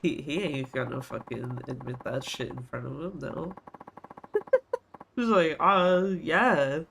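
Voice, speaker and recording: A man's voice: medium pitch, big pitch swings, a little slow, creaky, background noise. A man streaming a game, reading subtitles aloud and chatting casually with swearing and laughs.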